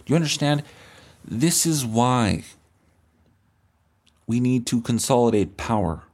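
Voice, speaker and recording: A man hosts a comedy podcast and tells crude stories in a deadpan, rambling way. His voice has a gravelly grain. He pitches it at an everyday middle height. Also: a little slow, long pauses. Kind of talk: comic storytelling monologue.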